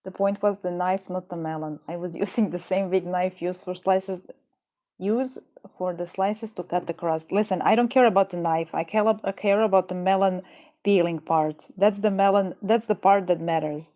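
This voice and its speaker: A woman's voice: on the low side, steady tone, moderate pace, warm tone. A woman streamer chatting casually and jokingly with her viewers, rambling and tripping over words. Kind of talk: casual live-stream chat. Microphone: headset or desk mic.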